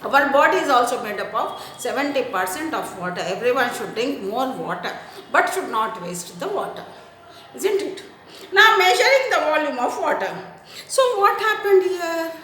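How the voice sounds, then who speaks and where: A woman's voice: sits high, sing-song, moderate pace, a bit bright, very echoey, slight background noise, poor audio. A woman teacher explains a science lesson, repeating points and asking rhetorical questions. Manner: repeats points, asks rhetorical questions, often adds "isn't it?".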